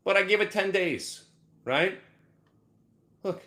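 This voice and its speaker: A man hosting a live market show, ranting brashly about his trades with sudden shouted outbursts. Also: high voice, slow. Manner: excitable, loud bursts of shouting, brash. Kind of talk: live trading rant.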